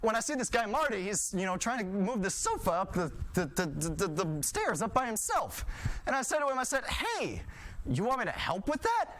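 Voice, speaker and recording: A man delivering an absurd comic monologue, lurching between frantic shouts and a low deadpan storytelling tone. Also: a little fast, slight background noise, low-quality recording. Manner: manic, shouting, swings from loud outbursts to low deadpan. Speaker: student performer.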